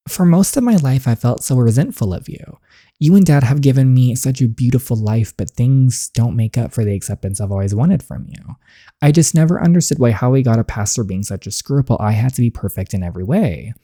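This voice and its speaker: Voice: mid-range voice, dark tone, dry recording, studio quality, natural voice. A streamer reading the lines of an earnest young woman in recovery from a choice-story game, in a plain, lightly raised voice. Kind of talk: reading game dialogue aloud.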